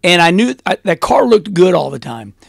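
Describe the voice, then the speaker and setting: A middle-aged man recounts his past in a casual podcast interview. His voice sits high with a gravelly fry. He talks bluntly and animatedly, and the sound is close and dry. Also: moderate pace, dry recording. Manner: animated, blunt, laughs often. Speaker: interview guest, former race car driver.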